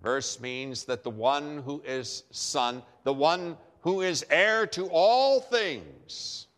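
A man preaching a sermon emphatically, with dramatic pauses and repeated phrases for effect. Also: fairly high pitch, a bit bright. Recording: long hall reverb.

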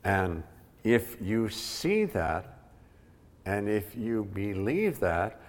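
A man's voice: lowish voice, sing-song, extremely slow. A man preaching a sermon emphatically, repeating key words for weight, recorded with the long reverb of a large hall. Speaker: pastor.

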